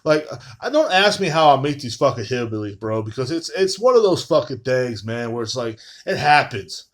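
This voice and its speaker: A man's voice: medium pitch, sing-song, normal speed. Rambling, profane man. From Texas. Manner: profane, rambling, lots of fillers. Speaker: podcast host. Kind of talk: casual ranting monologue.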